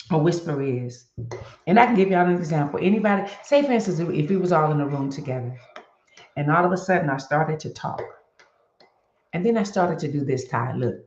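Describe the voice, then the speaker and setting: Lower-voiced woman vlog host, lively and conversational, recorded with muffled lo-fi sound. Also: a little hiss or hum. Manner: animated and chatty, addressing viewers as y'all. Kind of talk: casual motivational vlog talk. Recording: echoey room with dull lo-fi sound.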